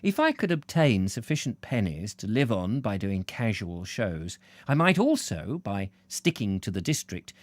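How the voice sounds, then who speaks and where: A male audiobook reader with a lively, expressive voice that rises and falls freely. He reads a travel book and keeps wandering into playful, digressive, self-mocking asides. The sound is dry and close, with no room echo. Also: fairly low pitch, measured pace, few pauses.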